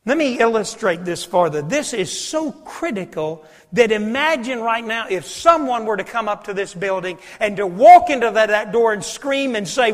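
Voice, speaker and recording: Pastor, male, high-pitched, preaching live in a church with a long echo, loud peaks and hushed dips. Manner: swings from loud preaching to hushed near-whispers. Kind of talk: sermon. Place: church sanctuary.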